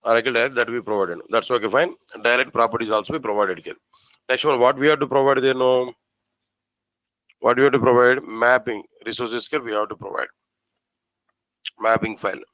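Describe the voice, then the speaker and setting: Male coding instructor, mid-pitched, talks through code step by step with lots of questions to the class, dry sound. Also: a bit bright, dry recording, poor audio. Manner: repetitive, asks the class questions, spells out code slowly. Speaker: programming teacher. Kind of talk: live coding lesson.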